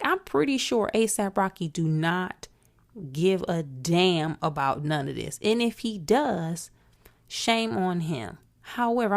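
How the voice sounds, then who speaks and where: A woman hosting a solo commentary podcast, outspoken and emphatic, talking straight to her listeners. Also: on the low side. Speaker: podcast host.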